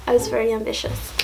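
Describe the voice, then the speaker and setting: A woman in her late twenties telling a story in a casual, animated, laughing way, full of slang. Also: rough recording. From Jamaica. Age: late 20s. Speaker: vlogger.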